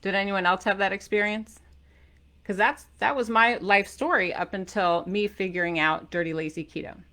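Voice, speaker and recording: A middle-aged woman, an author talking animatedly to camera about her diet, playful and given to loud emphatic bursts. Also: medium pitch, fairly even intonation, moderate pace. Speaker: author and keto diet coach. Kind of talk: energetic talk to camera.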